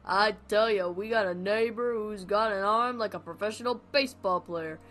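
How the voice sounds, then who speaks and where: A woman's voice: medium pitch, normal speed, a little hiss or hum, lightly acted. A woman voicing a brash, wisecracking male cartoon dog comedian with a New York accent. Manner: loud, joking, showbiz patter.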